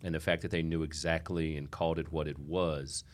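Very deep-voiced male podcast host. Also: flat delivery, brisk. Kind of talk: interview hosting.

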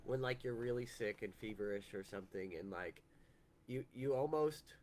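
A man, currently sick, joins a relaxed conversation with friends. He hesitates over his words and laughs easily. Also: medium pitch, normal speed. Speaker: podcast co-host. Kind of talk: casual chat.

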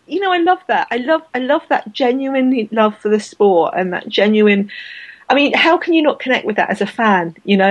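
A woman co-hosting a podcast, chatting casually and gushing with enthusiasm, often restarting her sentences. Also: mid-range voice. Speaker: podcast co-host. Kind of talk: casual chat.

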